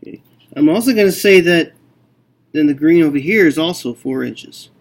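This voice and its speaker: A man teaching a math lesson, working through a problem slowly and thinking aloud with frequent okays. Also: a little high, expressive.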